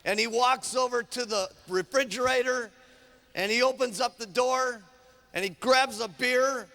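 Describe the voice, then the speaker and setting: An energetic man gives a motivational seminar talk, telling stories emphatically in a high, gravelly voice. He keeps checking in with "okay?", and the long reverb of a large hall surrounds his words. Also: measured pace. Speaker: motivational speaker.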